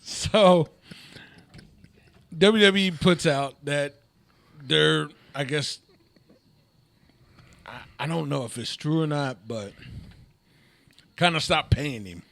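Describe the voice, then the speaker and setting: A man's voice: on the high side, slow, creaky, long pauses, a bit bright. A man co-hosting a podcast in casual chat, recounting a story at an easy pace with lots of fillers. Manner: laid-back storyteller, many fillers and laughs, patient pushback. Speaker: podcast co-host.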